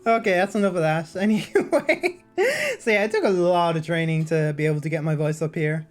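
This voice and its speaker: A woman streams in a brisk, fairly low voice, chatting and reading aloud into a basic mic with no headset. A sore throat leaves her sounding somewhat nasal, and she rambles, filling gaps and restarting sentences.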